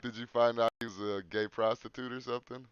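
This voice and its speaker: A man's voice: medium pitch, steady tone, fast, muffled recording, slight background noise. A man hosting a podcast in casual chat, joking crudely and swearing. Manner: crude joking, breaks into silly put-on voices. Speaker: podcast host.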